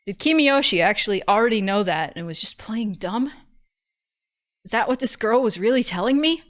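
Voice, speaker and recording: A woman's voice: on the high side, animated, normal speed, fairly bright tone. A woman streamer narrating a visual novel in first person, reading expressively and breaking off for joking asides.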